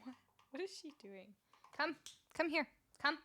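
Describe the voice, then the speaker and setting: Over loud music, a Canadian woman with a high, animated voice talks a little slowly. The musician is chatting casually with home livestream viewers between songs and cooing at her dog, close to a studio vocal mic.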